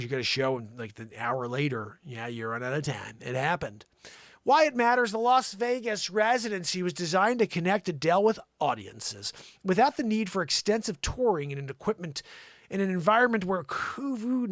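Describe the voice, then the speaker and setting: A man hosting a vlog, reading a news story aloud with chatty asides and sudden excited shouts. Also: high-pitched, normal speed, no room sound, clean studio sound. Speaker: vlog host.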